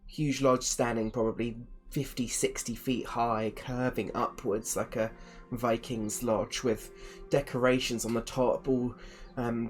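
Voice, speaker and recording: Guy running a tabletop game, rambly narration, lots of ums. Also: medium pitch. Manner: rambling, many fillers. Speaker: game master.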